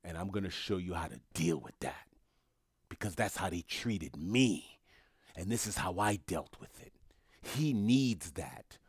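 A man's voice: low-pitched, unhurried, breathy edge. A man in casual conversation, telling a family story with lots of animation and acting out what others said. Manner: animated storyteller who acts out others' lines.

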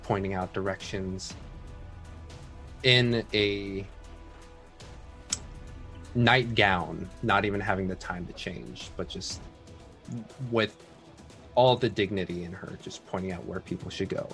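A man running a tabletop game as dungeon master, describing scenes in a slow narrating voice and turning upbeat when chatting. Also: low voice, steady tone, fairly bright tone, soft background music.

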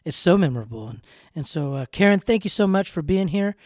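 A man's voice: sits high, expressive, fairly quick, darkish tone, no echo, clean studio sound. A man in his thirties hosting a podcast, speaking earnestly and often repeating words as he searches for them. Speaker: podcast host. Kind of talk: heartfelt conversational interview.

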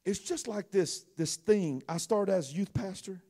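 A man, a pastor, delivering a sermon that builds to loud, fervent preaching. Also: sits high, measured pace.

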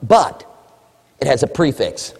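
Animated preacher with a booming reverb. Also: male voice, takes it slowly, vocal fry, slightly rough. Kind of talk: lively sermon.

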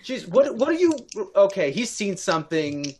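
A man playing a tabletop game, asking quick questions and joking about rules. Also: sits high, sing-song, a crowd in the background. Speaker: player. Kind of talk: casual tabletop play.

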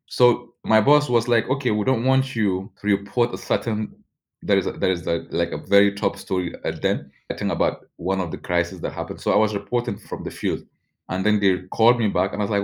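Deep-voiced Nigerian man telling his story. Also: steady tone, fairly quick. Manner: loose, full of "like" and restarts. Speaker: journalist interviewee. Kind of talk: casual personal storytelling.

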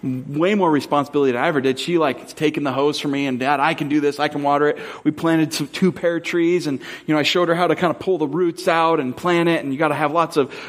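This sermon comes from a Southern California pastor with a fairly high-pitched, steady voice. He relates stories loosely, using lots of "like" and "um," and then eases into earnest questioning.

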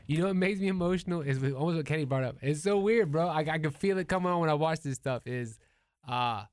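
A man hosting a casual podcast, telling stories in an animated way and laughing as he talks. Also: on the high side, fairly quick, dry recording, clean studio sound. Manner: animated storytelling, laughs while talking. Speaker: podcast host.

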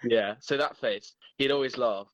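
A man's voice: medium pitch, moderate pace, no room sound, dull audio. A young man casually telling a funny school story among friends, laughing often. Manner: animated, laughing through his stories. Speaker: guest.

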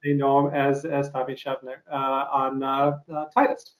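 A middle-aged man hosting an interview show, friendly and halting with lots of fillers. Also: medium pitch, completely flat delivery, rough recording. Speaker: show host. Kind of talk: casual interview chat.

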